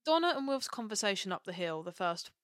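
Excitable woman co-host, gushing chat, dry close sound. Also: medium pitch, fairly quick, no echo. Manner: gushing, excitable, acts out quotes. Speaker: podcast co-host. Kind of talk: casual chat.

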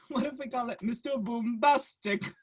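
A woman's voice: on the high side, measured pace, slightly rough. A woman co-hosting a casual podcast chat. She tells stories in a rambling way, with lots of laughter and restarts. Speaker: podcast co-host.

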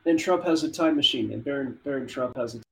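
A man's voice: mid-range voice, fast talker, vocal fry, breathy edge, rough recording. A man as a guest on a casual talk stream, laid-back and laughing, saying "dude" often. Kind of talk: casual chat.

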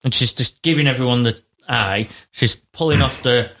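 A man's voice: mid-range voice, moderate pace, vocal fry. Rambling man telling a story. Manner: rambling, animated retelling with put-on quotes. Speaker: podcast co-host. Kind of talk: casual chat.

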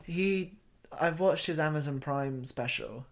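A man's voice: on the high side, measured pace, crowd noise. A man, co-hosting a podcast and telling stories in an enthusiastic, laugh-prone casual chat. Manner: enthusiastic storyteller, laughs often. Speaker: podcast co-host.

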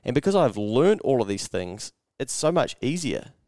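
A man's voice: medium pitch, big pitch swings, moderate pace, darkish tone, dry recording, clean studio sound. A young man with a New Zealand accent, co-hosting a podcast and telling a story in casual chat, swearing often and acting out his own thoughts. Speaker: podcast co-host.

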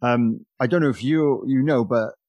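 Give me an easygoing man with a mid-pitched voice, hosting a relaxed chat. The sound is close and dry, with no room echo. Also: moderate pace, lo-fi sound. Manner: easygoing, laughs along. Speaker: podcast host, musician. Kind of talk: casual chat.

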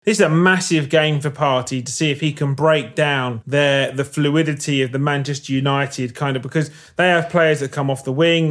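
Brief: high-pitched bloke, blunt, sweary football pundit type. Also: male voice. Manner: blunt, sweary, number-heavy opinions. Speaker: football podcast co-host. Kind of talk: casual football chat.

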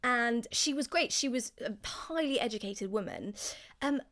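Woman, podcast co-host, chatty and giggly, voice a bit high. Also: animated, normal speed, a bit bright. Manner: chatty, giggly, trails off with fillers. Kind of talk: casual chat about classical music.

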